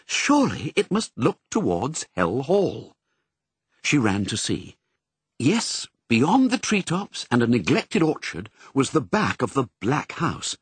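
Casting: male audiobook narrator, very lively pitch, slightly husky, dry close sound. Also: no echo. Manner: expressive, measured storytelling.

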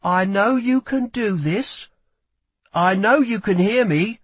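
A man voicing a gentle, pleading young woman. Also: medium pitch, lively intonation, very slow, slightly rough, no room sound, pitched above the performer's own voice, heavily acted. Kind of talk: audiobook character voice.

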